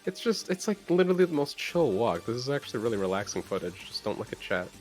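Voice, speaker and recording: A man's voice: mid-range voice, very animated, fast, faint music behind. A man from Los Angeles co-hosting a live stream, chatting casually and reacting to what is on screen. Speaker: stream co-host. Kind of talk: casual chat.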